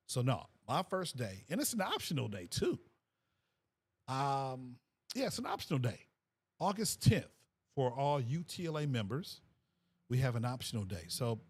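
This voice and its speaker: A middle-aged man, a fifth grade teacher, hosting a casual livestream and reading viewers' comments aloud in a relaxed way, repeating phrases and laughing often. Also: mid-range voice. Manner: laid-back, repeats himself, frequent laughs.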